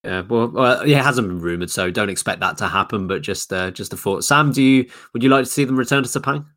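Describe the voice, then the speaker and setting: A man's voice: lowish voice, fast, fairly bright tone. A man co-hosting a podcast, thinking aloud in casual chat with frequent ums and restarts. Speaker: podcast co-host.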